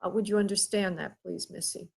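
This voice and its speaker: A woman hosting a live psychic reading, speaking haltingly with many pauses and calling the caller by endearments. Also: medium pitch, fairly even intonation, gravelly, a little mellow, husky, rough recording. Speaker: psychic medium host.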